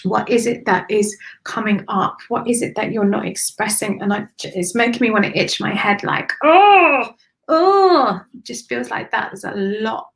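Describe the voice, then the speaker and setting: A woman's voice: medium pitch, vocal fry, fairly bright tone, low-quality recording. A woman spiritual medium giving a live-streamed psychic reading to viewers, affectionate and repetitive, calling them darling and honey.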